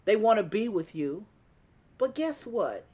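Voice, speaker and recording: A woman's voice: mid-range voice, very animated, measured pace, darkish tone. A woman giving a tarot card reading, speaking emphatically, repeating her points and chuckling now and then. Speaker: tarot reader.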